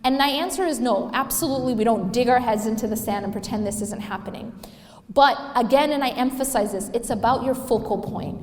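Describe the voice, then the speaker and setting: Woman preaching to a crowd, high voice, keeps asking them questions, roomy hall echo. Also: a little fast, darkish tone. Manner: asks the audience questions, emphatic. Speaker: speaker. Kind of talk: religious lecture. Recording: echoey hall.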